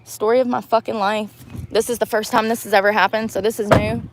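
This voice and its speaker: A woman's voice: mid-range voice, flat delivery, a little fast, noisy background. A young woman ranting in a casual livestream, frustrated and swearing as she rambles.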